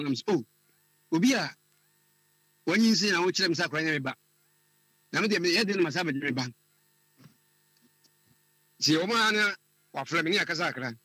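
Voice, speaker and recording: A man, calling in to tell a personal story, often halting and repeating words as he searches for what to say. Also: on the high side, pushed and bright, husky, dry recording. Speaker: caller. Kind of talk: telling a personal story on a call-in show.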